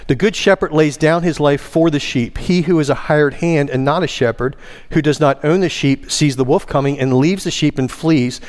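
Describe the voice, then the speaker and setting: A man's voice: normal speed, few pauses, a little mellow. A man preaching in a church, stressing key words and leading the congregation in reciting together. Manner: emphatic, rising in pitch on key words; leads the congregation in call-and-response. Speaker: pastor. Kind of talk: sermon. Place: church sanctuary.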